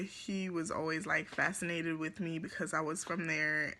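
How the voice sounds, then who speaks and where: A woman's voice: low voice, flat delivery, moderate pace, hardly any pauses, pushed and bright. A teenage girl from Jamaica with a Jamaican accent, telling a rambling storytime vlog full of fillers and giggles. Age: teens. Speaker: vlogger.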